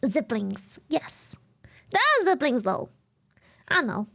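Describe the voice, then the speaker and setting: Giggly german girl streaming, high voice, super swoopy, talks slow and chatty. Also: wildly swooping pitch, vocal fry, fairly bright tone. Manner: giggly, laughs often; chatty, thanks viewers repeatedly. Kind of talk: casual stream chat.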